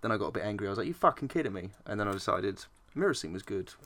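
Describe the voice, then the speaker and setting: A man's voice: on the low side, very fast, a bit bright. A man co-hosting a casual podcast, joking, swearing and laughing often. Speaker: podcast co-host. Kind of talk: casual chat.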